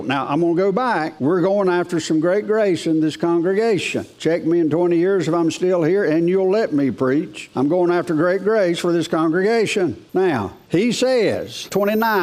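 High-voiced preacher man. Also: animated, moderate pace, hardly any pauses, a little mellow. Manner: folksy, rhetorical questions, reads scripture aloud. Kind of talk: sermon.

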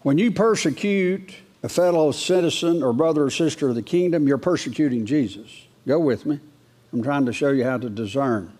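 In a darkish voice at a normal speed, a preacher works through a sermon verse by verse in a folksy style. He lifts his pitch to read scripture aloud and asks his listeners questions along the way.

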